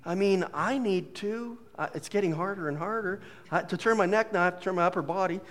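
A man preaching a casual, jokey sermon as a pastor, full of folksy asides and quick humor. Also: high-pitched, fairly bright tone, long reverb tail. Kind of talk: conversational sermon.

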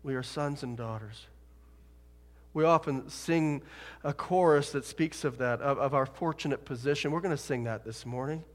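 A man preaching a sermon in a church, dramatic, dropping to a hush and rising loud. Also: mid-range voice, normal speed. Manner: dramatic, swings from hushed to loud. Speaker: pastor. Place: church sanctuary. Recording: long hall reverb.

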